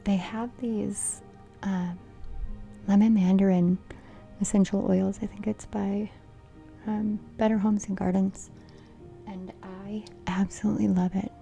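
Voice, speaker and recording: A middle-aged woman doing a casual card reading, playful and giggly, often dropping into a soft whisper. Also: mid-range voice, level tone, unhurried, vocal fry, long pauses, soft background music. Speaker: tarot reader.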